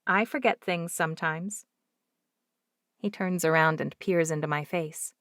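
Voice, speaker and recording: A woman narrates a first-person romance audiobook in an expressive, lively way. Her voice is somewhat low, and the sound is dry and close to the mic, with no room echo. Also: unhurried.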